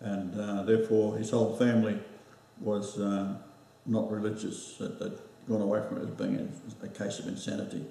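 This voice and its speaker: A man's voice: lowish voice, flat delivery, vocal fry, mellow. Rambling Australian man in echoey room. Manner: rambling, halting with many fillers. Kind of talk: casual chat. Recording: very echoey room, voice distant from mic.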